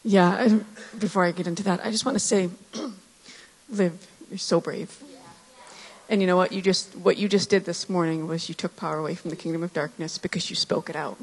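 A woman's voice: lowish voice, steady tone, breathy edge. Earnest woman in her thirties, reverberant hall. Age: 30s. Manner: earnest, reflective, with pauses and restarts. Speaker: church speaker sharing testimony. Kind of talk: personal testimony in church.

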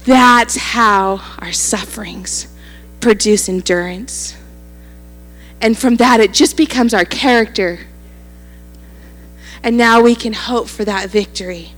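A woman's voice: medium pitch, slow pace, long pauses, a bit bright, big-room sound, soft background music. A woman pastor preaching a sermon, telling a story animatedly and acting out the quoted lines.

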